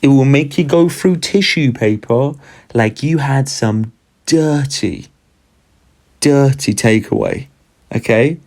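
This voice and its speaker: A brash young man counts down his favourite films in a loud, swearing vlog rant and makes comic threats at the viewer. His voice sits at a middle pitch and he talks slowly, dragging out his words for effect. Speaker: vlogger. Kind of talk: energetic movie countdown rant.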